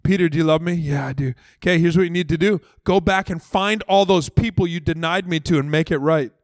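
Male preacher, relaxed storyteller, voices the characters, slightly high pitch, dry close sound. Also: fairly quick, no room sound. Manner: conversational, acts out dialogue in casual voices. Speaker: pastor. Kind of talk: sermon.

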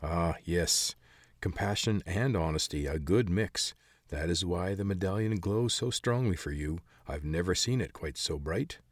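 A man voicing a bitter, secretive old man who hides in caverns, calm one moment and snappish the next. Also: deep voice, measured pace, studio quality. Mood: calm, knowing. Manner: calm but snappish, hacking cough. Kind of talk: audiobook character voice.

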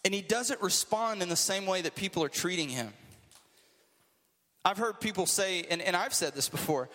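A man's voice: sits high, moderate pace, sharp tone, in a large hall. A man preaching a casual, conversational sermon to a group, with joking asides.

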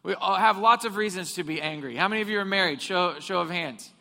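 A pastor speaks fast in a high-pitched, gravelly voice with a sharp tone, preaching in a church hall. He tells humorous stories and asks the congregation questions, and the hall adds a long reverb.

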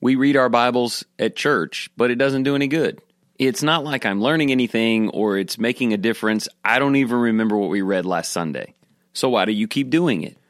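A man's voice: mid-range voice, fairly quick, no room sound, studio quality, close to an everyday voice. A man voicing a young grandson who is puzzled and frustrated, asking questions in a raised, whiny tone within a spoken story. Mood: skeptical.

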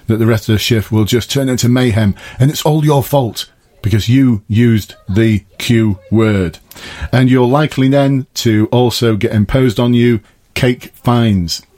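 A man's voice: mid-range voice, darkish tone. A middle-aged former police officer hosting a podcast, chatting casually from his garden summer house and laughing at his own jokes. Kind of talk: casual advice talk.

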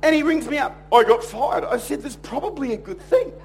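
A man preaching a sermon in church, telling stories in a jokey, animated way and acting out other people's voices. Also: extremely high pitch, a little fast. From Australia. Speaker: pastor.

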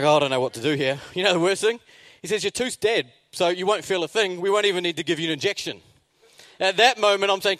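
A young man telling a self-mocking story in a sermon, animated and laughing often. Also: high voice.

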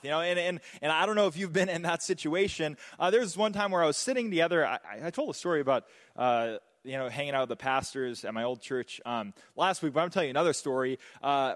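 Guy pastor preaching, jokey and lively, kinda higher voice. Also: big-room sound. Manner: animated, joking, storytelling. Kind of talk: sermon.

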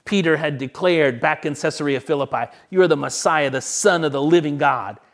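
Earnest male pastor preaching softly. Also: fairly high pitch, a little fast. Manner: earnest, repeats phrases softly for emphasis. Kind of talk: sermon.

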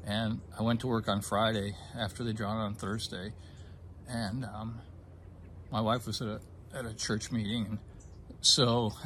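A man telling a personal story in casual conversation, halting with fillers and restarts and getting emotional at times. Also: fairly low pitch, fairly even intonation, a bit bright, slight background noise. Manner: emotional, gets choked up. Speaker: guest telling his story.

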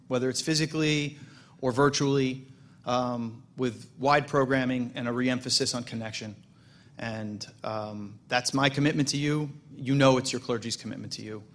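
A man's voice: mid-range voice, a bit bright. A middle-aged man, the president of a congregation, giving a casual, storytelling welcome speech with self-deprecating humor.

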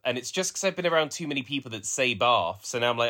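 Bright-voiced man chatting loosely. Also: medium pitch, animated, a little fast. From Black Country, England. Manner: rambling, with many restarts and fillers. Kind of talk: casual chat.

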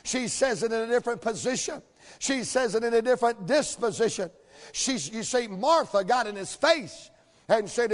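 A man preaching a folksy sermon in a church, telling the story with energy and building to shouts. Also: very high-pitched, expressive, moderate pace. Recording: long hall reverb.

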